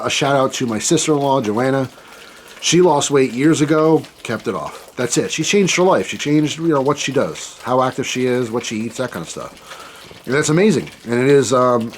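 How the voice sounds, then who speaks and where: A man's voice: medium pitch, animated, a little fast, slight background noise. A man hosting his own vlog, talking candidly and self-deprecatingly in a rambling way with many restarts. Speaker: channel host.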